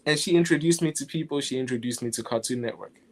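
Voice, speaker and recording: A young South African animator, the guest in a relaxed interview, speaks fast in a mid-range voice. He laughs frequently and often restarts what he's saying.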